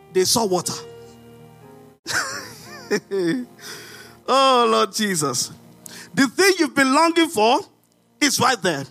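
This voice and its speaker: A man with a Nigerian accent preaching a sermon as pastor, animated with rhetorical questions and sudden shouts. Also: extremely high pitch.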